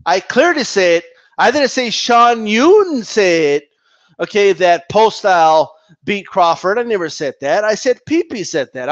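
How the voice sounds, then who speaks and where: A man with a high, lively voice rants at a rival, combative and profane, stumbling over repeated words. The recording sounds dull and lo-fi. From Mexican heritage. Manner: combative, profane, repetitive restarts. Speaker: boxing commentator. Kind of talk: heated rant vlog. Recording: dull lo-fi audio.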